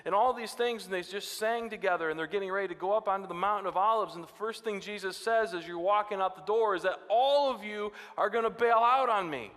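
A man preaching a sermon, lively and dramatic, his voice climbing sharply when he quotes scripture. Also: sits high, fairly quick, long reverb tail. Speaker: pastor.

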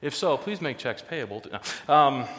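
A man's voice: mid-range voice, animated, moderate pace, fairly bright tone, in a large hall. A man pastor giving a sermon in a conversational way, with joking asides between the serious points.

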